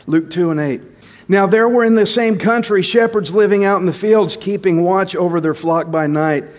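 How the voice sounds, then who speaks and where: A man with a high-pitched voice delivers a sermon. He leans hard on phrases he wants to land, then sinks into quiet, low asides. He often slows right down to repeat a line. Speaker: pastor.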